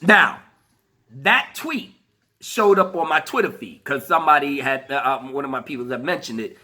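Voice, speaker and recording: A man's voice: medium pitch, animated, moderate pace, pushed and bright. A man giving a heated, profane ranting commentary, laughing through his rant. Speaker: commentary vlogger.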